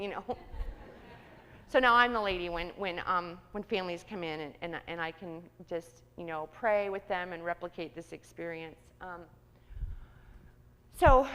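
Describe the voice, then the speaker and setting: A woman's voice: lowish voice, a bit bright. Woman giving a candid testimony in a hall. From Kansas, US. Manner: candid, conversational, many ums. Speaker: church outreach coordinator. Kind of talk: personal testimony talk. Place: church. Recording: reverberant church hall.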